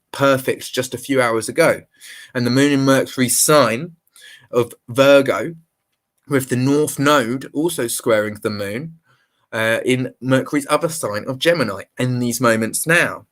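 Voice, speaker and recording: A man, an astrologer, talking through a chart shown on screen in an unscripted astrology forecast. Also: medium pitch. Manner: explains a chart on screen, fillers and restarts.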